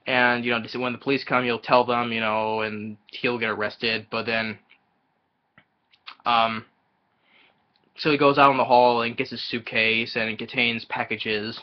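In dull-sounding audio, a film reviewer recounts a film's story in a loose, faltering way, chuckling and leaning heavily on fillers. He speaks at a medium pitch with little movement in it.

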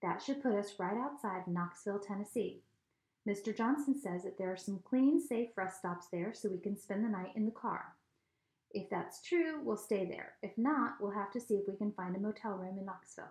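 A woman reading a storybook aloud, voicing a mother who briskly lays out her family's carefully planned trip. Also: medium pitch, darkish tone, natural voice. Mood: matter-of-fact. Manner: brisk, matter-of-fact planning. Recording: echoey room.

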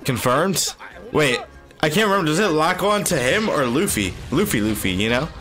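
A man hosting an anime reaction video, talking in excitable, slangy bursts full of exclamations. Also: a little high, normal speed, soft background music. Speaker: anime reaction channel host. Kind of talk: live anime reaction commentary.

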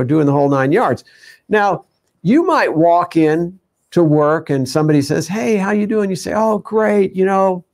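A man's voice: on the high side, vocal fry, a little mellow. A man teaching a conversational sermon, full of fillers and asides, acting out everyday voices as he goes. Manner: conversational, many fillers, acts out quoted voices. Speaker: teacher of a ministry show.

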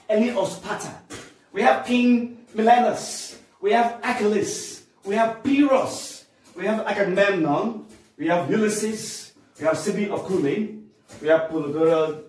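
A man lecturing on poetry in a high voice, leaning on fillers and repeating "of course" as he goes. He sounds set back from the mic in a roomy, echoey space. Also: distant mic. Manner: repetitive, with frequent fillers and "of course". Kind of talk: online literature lecture.

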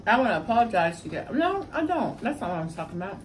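A woman hosts a casual mukbang eating show, chatting to viewers as she eats and murmuring over the food. Her mid-range voice is sing-song and quick, captured by a distant mic with faint noise.

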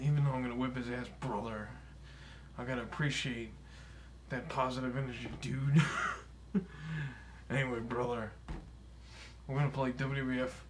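A man's voice: medium pitch, a little mellow, natural voice. A man voicing a boastful, broke, aging male pro wrestler for comedic gameplay commentary, swearing often, chuckling and calling everyone brother or dude. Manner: tacks brother or dude onto nearly every phrase.

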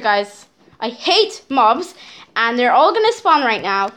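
A woman talks her viewers through a survival game with high, bouncy excitement. Her voice is pitched up and swings widely as she narrates, cries out in alarm and fusses over every move. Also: takes it slowly. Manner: excitable, dramatic, often addresses viewers as guys. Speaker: channel host playing a survival game. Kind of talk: let's-play game commentary.

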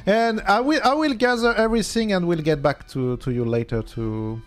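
A man with a French accent, chatting casually during a game in halting English and often repeating words. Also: sits high, faint music behind. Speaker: game streamer. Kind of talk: casual gameplay chat.

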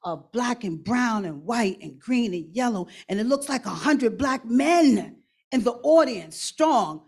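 Husky, passionate woman panelist. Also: a little high, expressive, a little slow, darkish tone. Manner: passionate, vivid imagery. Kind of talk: impassioned panel remarks.

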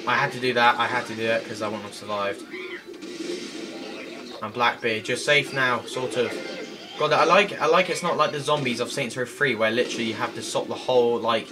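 A man doing chatty, excitable let's play commentary, laughing and shouting at enemies as he plays. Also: mid-range voice, fairly quick. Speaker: gameplay commentator. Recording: game music loud behind voice.

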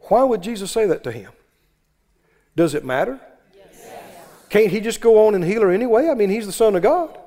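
High-voiced preacher in a reverberant hall. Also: male voice, animated, brisk, pauses often, dark tone. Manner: fervent, repetitive exhortation to a congregation. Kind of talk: sermon.

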